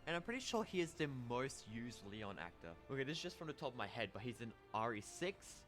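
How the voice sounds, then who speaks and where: A man's voice: medium pitch, sing-song, fairly bright tone. A man narrating a scripted, opinionated ranking of actors over music. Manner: brisk, opinionated.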